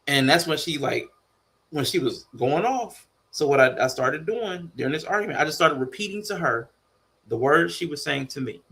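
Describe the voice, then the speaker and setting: A man co-hosting a podcast in casual chat, telling a family story in an animated way. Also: a little high, normal speed, creaky. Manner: animated storytelling, slipping into mock voices. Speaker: podcast co-host.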